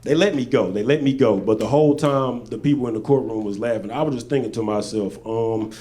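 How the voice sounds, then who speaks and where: A man from Arkansas, doing stand-up storytelling on stage with laid-back, deadpan asides. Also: mid-range voice, brisk. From Little Rock, Arkansas. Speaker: stand-up comedian. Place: stage at a live show.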